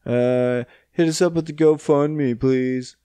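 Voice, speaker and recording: A shameless deadbeat parent lazily asks for handouts, put on by a man on his podcast. The delivery is slow and offhand. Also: mid-range voice, fairly even intonation, dark tone, clean tone, no room sound, natural voice.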